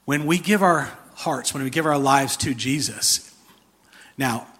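A man preaching a sermon in an animated, conversational way, with a husky voice. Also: medium pitch, a little slow. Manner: animated, conversational, with frequent restarts and laughter. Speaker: pastor.

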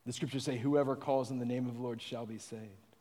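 A man preaching a sermon, quoting scripture with emphasis and letting his phrases fade softly at the ends. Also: medium pitch, fairly even intonation, brisk, in a large hall. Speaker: pastor.

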